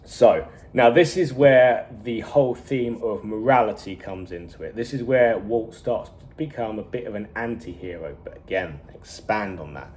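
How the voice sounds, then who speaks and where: A man casually reviewing a TV series, retelling scenes with animated energy, frequent chuckles and swearing. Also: lowish voice, moderate pace. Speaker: TV show reviewer.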